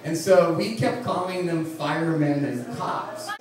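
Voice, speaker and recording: A man's voice: on the high side, a little slow. Rambling profane man telling a story. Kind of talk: live storytelling on stage. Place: bar venue with audience. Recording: echoey room, distant mic, crowd noise.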